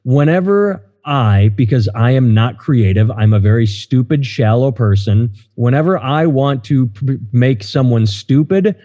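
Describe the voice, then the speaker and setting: A middle-aged American man hosts a casual podcast, rambling and hesitant with lots of fillers. His mid-range voice is animated and mellow, a little slow, with hardly any pauses. The recording is dull and lo-fi, in a reverberant room.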